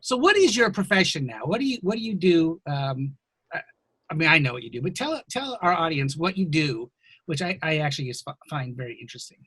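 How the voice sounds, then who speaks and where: A man with a somewhat high voice hosts a podcast over a video call, hesitating with frequent ums as he thanks listeners and welcomes his guest. The sound is very dry and close. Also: very animated, brisk, a bit bright, slightly rough, no echo. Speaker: podcast host. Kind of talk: casual video-call interview.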